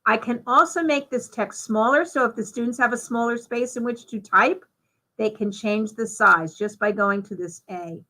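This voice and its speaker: A woman giving a live software demonstration, talking through each step in a chatty way with fillers. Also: fairly high pitch, moderate pace, rough recording. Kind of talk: live software demo walkthrough.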